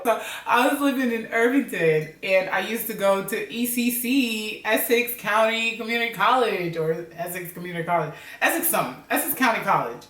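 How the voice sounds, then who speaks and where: A woman from Africa with an American accent, telling a story in a casual, slangy, animated way and laughing often. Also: mid-range voice, unhurried. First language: Criollo. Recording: roomy, mic at a distance.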